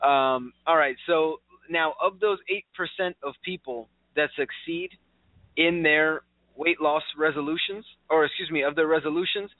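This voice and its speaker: A chatty, upbeat man hosts a casual talk show in a slightly high voice. His sound is dry and close, squeezed through a tinny, phone-like line. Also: no room sound. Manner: chatty, upbeat, many fillers and restarts. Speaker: show host.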